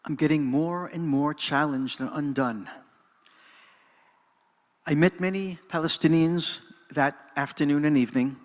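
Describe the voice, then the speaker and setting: A man's voice: fairly high pitch, a little slow. An older man giving an earnest, dramatic personal storytelling talk in a synagogue hall, moving between narration and reflection. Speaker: speaker at a presentation. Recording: reverberant hall.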